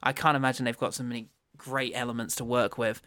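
A man's voice: mid-range voice, flat delivery, sharp tone, no room sound. A man co-hosting a podcast, chatting about a movie in a casual, laughing way. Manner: giggly, quick to jump into mock voices. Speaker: podcast co-host. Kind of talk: casual movie-review chat.

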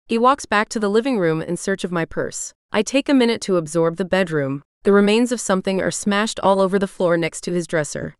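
A woman narrating a romance audiobook in the first person, with calm, even storytelling. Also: lowish voice, clear, resonant tone, dry recording, clean studio sound.

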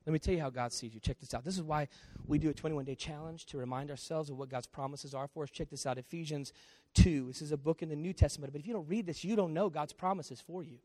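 Higher-voiced pastor preaching. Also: male voice, quick pace, few pauses. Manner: swings from quiet confession to loud storytelling. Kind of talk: sermon.

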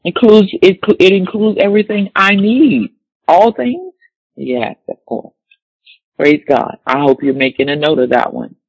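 A man preaching a sermon, reading scripture slowly and repeating key words for emphasis. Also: sits high, expressive, vocal fry, husky, dry recording, lo-fi sound.

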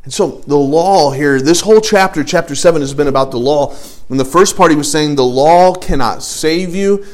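A middle-aged man teaching an adult Bible study, earnest, swinging between loud urging and hushed prayerful tones. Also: fairly high pitch, moderate pace.

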